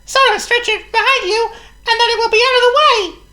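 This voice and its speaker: A woman voicing a mischievous little male mouse in a storybook reading, squeaking and laughing through his words. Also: fairly quick, bright, forceful tone. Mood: gleeful.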